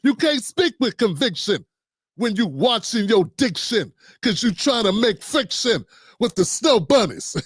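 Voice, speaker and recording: A middle-aged man with a high, light voice hosts a loose, playful talk show full of slang and banter. The sound is dry and close, with no room around it. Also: sing-song, a little slow, breathy edge, dry recording. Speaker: political talk show host. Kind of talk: casual livestream commentary.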